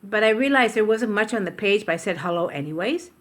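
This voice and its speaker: An older Canadian woman vlogs casually to camera from her home kitchen, recording on a tablet. Her medium-pitched voice is animated, quick and a bit bright as she chats, rambles, interrupts herself and corrects what she says.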